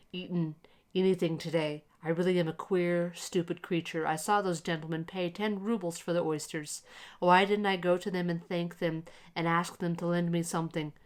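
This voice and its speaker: A woman's voice: lowish voice, steady tone, moderate pace, lightly acted. A woman voicing a poor, cold father who speaks in a hollow, shaking voice. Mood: muttering. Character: poor, cold, trembling father, ashamed and weary.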